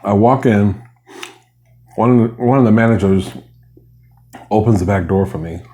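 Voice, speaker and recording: A man's voice: lowish voice, normal speed, mellow. A man vlogging while he eats, chatting casually and rambling between bites. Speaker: mukbang vlogger. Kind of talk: casual chat while eating.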